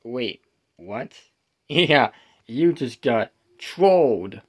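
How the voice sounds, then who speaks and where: A man's voice: medium pitch, expressive, drawn-out words, pitched below the performer's own voice. A man voicing a playful male hedgehog who teases his friend and hesitates with fillers. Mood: teasing.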